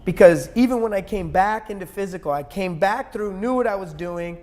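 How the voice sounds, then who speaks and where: High-voiced man telling an intense story. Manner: intense, rushing retelling with sudden loud outbursts. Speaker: interview guest. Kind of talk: personal storytelling in conversation.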